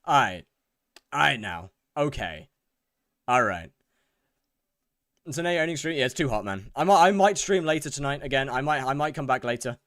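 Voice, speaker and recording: A man's voice: medium pitch, lively intonation, normal speed, long pauses, a bit bright, no room sound. A man chats casually with his viewers while playing a game, reading their questions aloud and looping back over his own words. He sounds overheated and sweaty. His voice sits in a middle range and is recorded dry and close. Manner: reads chat questions aloud and answers, repeats phrases. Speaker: game streamer. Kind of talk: casual live-stream chat while gaming. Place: hot room in a house.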